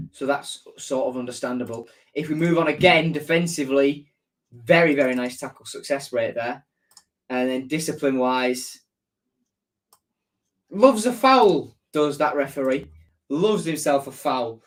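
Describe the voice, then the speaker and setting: A man hosts a relaxed football match preview on a fan channel's live stream, chatting and reading viewer comments aloud as he answers them. His voice is medium-pitched and steady, at a moderate pace.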